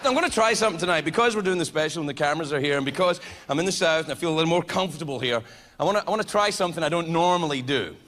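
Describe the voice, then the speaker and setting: A man performing a stand-up comedy set on stage, animated and loud, shouting punchlines and slipping into mock voices. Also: a little high, very fast. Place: large theatre with a live audience. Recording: live show with loud crowd noise.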